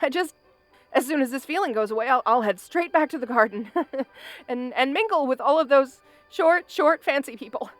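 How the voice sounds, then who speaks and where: A woman's voice: sits high, animated, moderate pace, faint music behind. A woman voicing a brash but anxious young orc woman in an audio role-play, stammering, laughing nervously and insisting she is fine. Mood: flustered denial.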